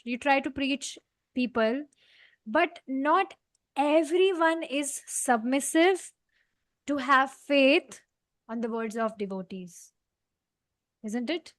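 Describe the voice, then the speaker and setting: Brief: woman teacher, high bright register, explains scripture earnestly. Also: animated, slow, no room sound. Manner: earnest, explaining, frequent "you know" fillers. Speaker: study group leader. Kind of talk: devotional scripture class.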